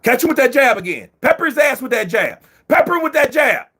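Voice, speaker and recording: A man giving profane, excitable live commentary while watching a boxing match, often shouting at the referee. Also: extremely high pitch, fast talker, husky.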